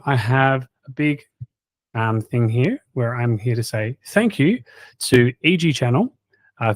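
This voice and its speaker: A man in an easygoing host voice works through a long list of thanks, cracking small jokes between names and tripping over spellings. His pitch sits in a middle range, and the sound is dry and close with no room echo. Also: a little mellow. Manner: jokey, stumbles over hard names with quips. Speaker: health coach and channel host. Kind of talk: casual chat, reading out subscriber thanks.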